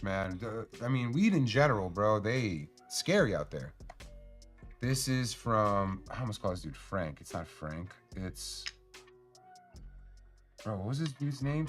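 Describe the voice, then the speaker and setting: A man's voice: mid-range voice, a bit bright. A man hosting a casual live stream, talking in loose, profane, rambling slang to his chat. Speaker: cannabis stream host.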